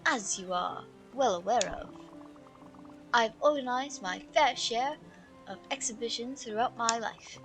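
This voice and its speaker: Pompous aging curator man, done by a woman, put-on British accent, grandiose theatrical phrasing, bright high voice. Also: a little slow, soft background music. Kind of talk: reading game dialogue aloud.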